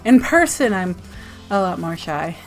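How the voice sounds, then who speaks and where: Soft background music accompanies this zine-reviewing vlogger as she chats casually about zines that arrived in her mail. Her voice is on the low side, sing-song and a little slow, and she gushes bubbly with lots of giggles.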